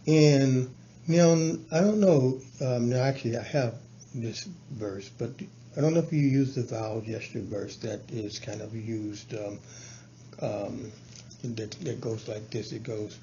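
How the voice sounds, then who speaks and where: A man explaining his teaching plans to a colleague in a halting, casual way, full of fillers and restarts. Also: dark tone. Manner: halting, many restarts and fillers, breaks into chanted syllables and sung verses. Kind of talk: casual explanatory talk on lesson planning. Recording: dull low-fi with faint background noise.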